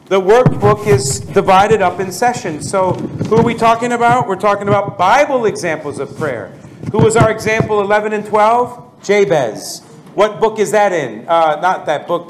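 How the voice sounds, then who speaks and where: A man leading a prayer seminar as pastor, energetic and constantly asking the audience questions, with an American accent. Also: high voice, slight background noise. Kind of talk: interactive seminar teaching.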